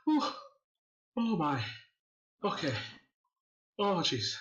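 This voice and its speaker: A man's voice: sits high, wildly swooping pitch, extremely slow, fairly bright tone, muffled recording, pitched above the performer's own voice, heavily acted. A man voicing a cruel centuries-old aristocrat who cackles theatrically at others' pain. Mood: gleeful. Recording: echoey room.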